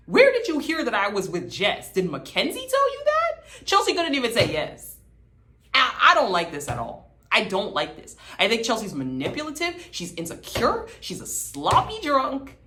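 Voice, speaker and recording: A woman's voice: mid-range voice, fairly bright tone. A woman hosting a casual TV recap, talking in a sassy, gossipy, dramatic way. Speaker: host.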